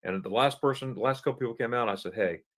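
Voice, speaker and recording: A man telling a travel story as a podcast guest, animated and stumbling over repeated words while he acts out the dialogue. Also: medium pitch, fast. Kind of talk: casual anecdote telling.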